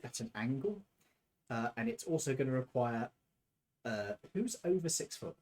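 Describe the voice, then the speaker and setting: A man serving as game master, describing scenes in a relaxed, descriptive way. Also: mid-range voice, moderate pace, slight background noise. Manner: descriptive, relaxed, with filler ums. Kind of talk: narrating a tabletop game.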